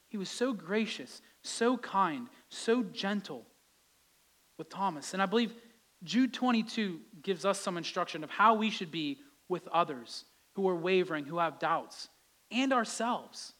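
A man's voice: high voice, animated, a little slow, a bit bright. A male pastor giving a conversational sermon, his voice rising with emphasis at key points.

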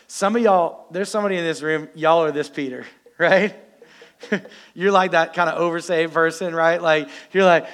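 A male pastor preaching a sermon, animated and joking with the congregation. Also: fairly high pitch, normal speed.

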